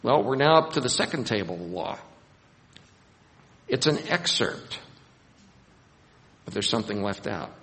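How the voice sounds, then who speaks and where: A man preaching a Bible sermon, animated, acting out scenes and raising his voice for emphasis. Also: lowish voice, moderate pace, pauses often. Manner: animated, acts out scenes with rising voice. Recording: long hall reverb.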